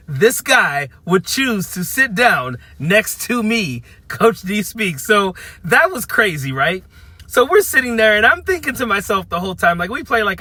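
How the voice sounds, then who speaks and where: Animated fifty-year-old man telling a story. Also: high-pitched, dry recording. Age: 50s. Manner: animated, acts out quotes, frequent restarts. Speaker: vlogger. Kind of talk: casual storytelling to camera. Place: parked at a car charging spot by a busy street.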